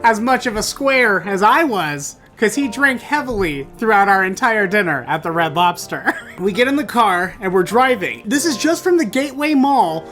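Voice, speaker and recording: A man hosting a storytelling show, recounting a bad date in an animated, theatrical way that bursts into exclamations. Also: high voice, moderate pace, few pauses, faint music behind. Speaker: storytelling podcast host. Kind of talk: comedic personal storytelling.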